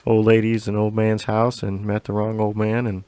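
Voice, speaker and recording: A man's voice: fairly low pitch, completely flat delivery, moderate pace, mellow, clean tone, no echo. A man co-hosting a podcast, telling a long story in a loose, rambling way, swearing often and laughing along. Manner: profane, rambling, laughs a lot. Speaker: podcast co-host. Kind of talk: casual storytelling chat.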